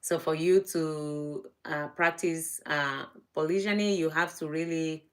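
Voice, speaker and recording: A woman hosting a casual livestream. She sounds sleepy and unhurried, trailing off with "yeah" between thoughts. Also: low voice. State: sleepy, low energy. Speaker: livestream host.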